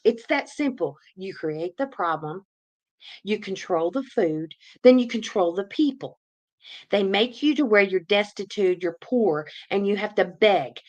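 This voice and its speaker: A woman's voice: medium pitch, expressive, a little slow, a little mellow, highs cut off. A woman hosting a livestream, delivering a heated, profane political rant full of repetition. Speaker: livestream host.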